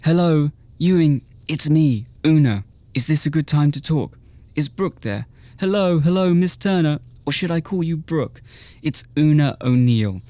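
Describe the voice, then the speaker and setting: A man's voice: mid-range voice, slow, darkish tone. An English man voicing a flippant young Valley Girl in a breezy, drawling, sing-song way, recorded in a closet. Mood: chirpy.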